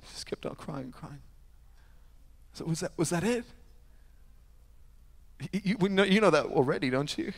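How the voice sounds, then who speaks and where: A male pastor preaching a sermon, telling a story with sudden shifts between loud, emphatic preaching and hushed asides. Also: fairly high pitch, expressive, normal speed, long pauses, slightly rough. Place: church sanctuary. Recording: long church hall reverb.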